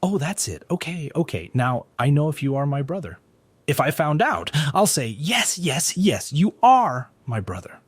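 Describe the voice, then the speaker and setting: Fierce protective big sister, a man puts her on, pitched up and loud, suspicious. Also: sing-song, moderate pace, dry recording. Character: fierce protective older sister, young woman.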